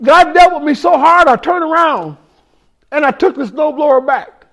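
Preaching his testimony to the congregation, this man's voice is strikingly high with vocal fry, at a normal speed. His street-casual, raw telling speaks right to the people in the room, turning emotional until he shouts.

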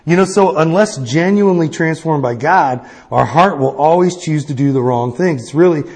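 A man preaching a sermon in a casual, conversational way, often checking in with the listeners with a quick "right?". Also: a little high, a little mellow. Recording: long reverb of a hall.

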